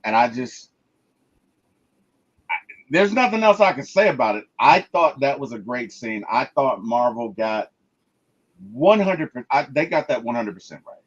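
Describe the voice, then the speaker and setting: A man's voice: mid-range voice, sing-song, moderate pace, pauses often, husky, dull audio. A man chatting casually in a movie review, emphatic, stammering and restarting as he retells scenes.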